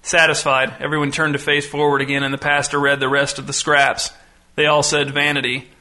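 A man narrating an audiobook story in a dry, deadpan way. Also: on the high side, brisk.

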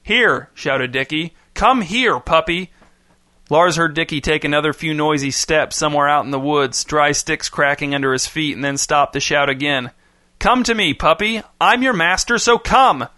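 A man voicing an excitable, anxious young boy in a storybook reading, his voice pitched high and strained. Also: fairly quick, few pauses, smooth, dry recording, studio quality. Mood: calling out.

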